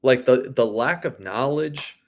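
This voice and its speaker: A man's voice: mid-range voice, unhurried. A man co-hosting a sports podcast, rambling with lots of restarts and casual swearing. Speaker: podcast co-host.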